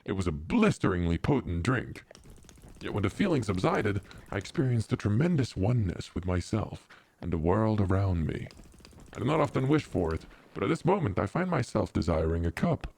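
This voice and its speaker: A streamer voicing a formal male guest in a video game with a low, gravelly voice and stately phrasing. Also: very animated, moderate pace, a little mellow, heavily acted. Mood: earnest. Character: adventurous male tea-shop guest, formal.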